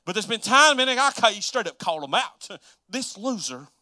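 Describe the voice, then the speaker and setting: A man preaching a sermon, chatty and laughing, acting out Bible figures in quick voices. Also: very high-pitched, lively intonation, bright, forceful tone, no echo, clean studio sound.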